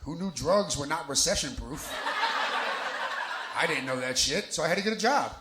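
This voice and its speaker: A man's voice: on the high side, lively intonation, moderate pace. A man from New Jersey doing a live stand-up set on a bar lounge stage, brash and profane, working the crowd into his punchlines. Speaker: stand-up comedian. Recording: roomy bar with crowd noise.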